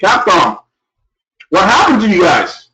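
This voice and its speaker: A young man ranting loudly and in exasperation on a live gaming stream. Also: huge pitch swings, measured pace, noisy background. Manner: loud, exasperated ranting with big pitch swings. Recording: echoey room, far from the mic.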